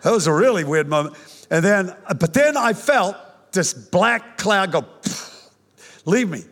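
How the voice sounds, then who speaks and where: An older man preaching a sermon, telling his own conversion story in an animated, joking way with many restarts. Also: high-pitched, normal speed. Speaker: pastor. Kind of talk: sermon with personal testimony. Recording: reverberant hall.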